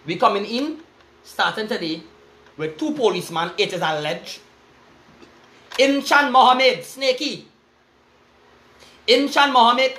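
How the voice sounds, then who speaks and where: A man's voice: high voice, bright, forceful tone. A man from Trinidad and Tobago with a Trinidadian accent, an entertainer delivering a heated, profane, repetitive rant to camera. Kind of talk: angry cursing rant to camera.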